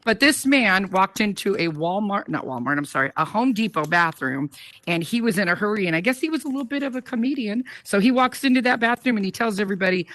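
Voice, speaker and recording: A co-host telling a funny story in casual talk-show banter, with lively swings in pitch. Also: fast talker, dry recording.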